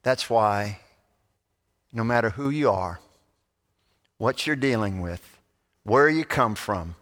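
A man preaching a sermon as pastor, moving between loud animated passages and soft, hushed ones. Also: fairly low pitch, takes it slowly, in a large hall.

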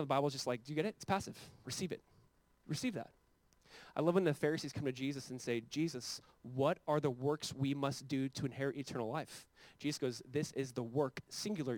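A male pastor preaches in a rapid, conversational way, with a fairly high voice that climbs and grows loud when he stresses a point. The sound is close and dry, with little room echo. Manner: conversational preaching, rising to fervent emphasis. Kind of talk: sermon.

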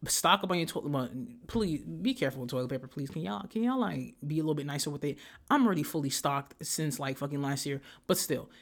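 Fired-up young podcaster, swears constantly, lectures the audience head-on. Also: mid-range voice. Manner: profane, heated ranting; direct address to listeners. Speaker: podcast host. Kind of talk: solo podcast rant.

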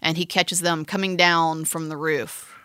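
A woman's voice: low voice, steady tone, unhurried, sharp tone, clean tone, no echo, studio quality. A woman co-hosting a podcast, chatty and teasing, rambling through a film plot with restarts. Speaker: podcast co-host describing a film. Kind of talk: casual chat.

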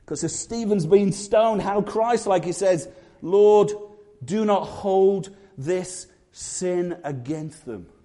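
A man preaches a sermon in a fairly high voice. He tells stories with animation and acts out the people he quotes, from quiet asides to sudden loud outbursts.

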